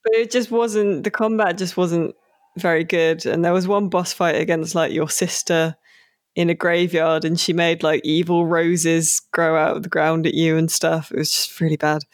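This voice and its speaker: A podcast co-host chatting casually about a game, rambling with many fillers and slowing down on key words. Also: medium pitch, flat delivery, no room sound, studio quality.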